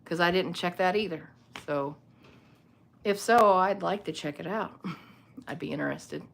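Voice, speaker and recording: Woman, low voice, casual rambling livestream host on her phone, laughs easily. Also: unhurried, gravelly. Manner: rambling, chatty, laughs often. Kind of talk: casual livestream chat with viewers. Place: home room lit by a small ring light.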